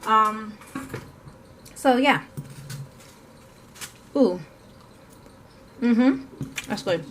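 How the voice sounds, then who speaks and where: A woman with a fairly bright voice on the high side speaks with lively intonation, drawing out words and taking long pauses, over slight background noise. As an art vlogger she chats casually and rambles, with many fillers and self-corrections, at times while eating.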